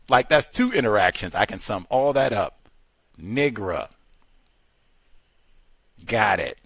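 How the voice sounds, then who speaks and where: Low-voiced man hosting call-in radio. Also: unhurried, pauses often, dry recording. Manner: animated, mocking voices of others, frequent laughter. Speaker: radio show host. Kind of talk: call-in talk radio commentary.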